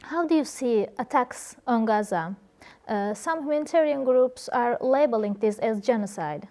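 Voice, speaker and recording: A woman's voice: on the high side, lively intonation, normal speed, mellow. A woman interviewer asking brief, direct questions.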